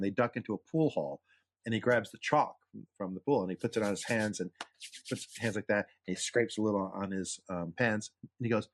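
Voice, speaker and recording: A man's voice: on the low side, fairly quick. A man co-hosting a podcast, from New York, telling jokes in casual chat and acting out the voices. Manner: dry storyteller, acts out joke voices. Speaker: podcast co-host.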